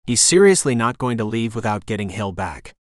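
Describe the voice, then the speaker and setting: A male audiobook narrator voicing a blunt, bossy young woman who keeps trying to break up a fight, with a sharp and impatient delivery. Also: fairly low pitch, sing-song, fairly quick, no room sound, clean studio sound. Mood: exasperated. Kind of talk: audiobook character voice.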